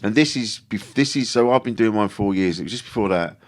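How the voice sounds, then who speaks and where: A man's voice: lowish voice, lively intonation, fairly quick. Rambling man telling stories. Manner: rambling storyteller, self-interrupting, swears freely. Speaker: podcast guest, comedian. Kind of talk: casual chat.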